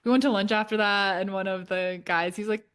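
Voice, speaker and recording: A young woman co-hosting a podcast, telling a story in animated, casual chat and laughing often. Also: mid-range voice, a little fast, clear, resonant tone. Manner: animated, laughs often, quotes people in playful voices. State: tired and shaken. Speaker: podcast co-host.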